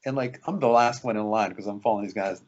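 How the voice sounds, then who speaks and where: A man's voice: lowish voice, fast, lo-fi sound. A male actor in a casual interview, telling behind-the-scenes stories animatedly, acting out quotes and laughing often.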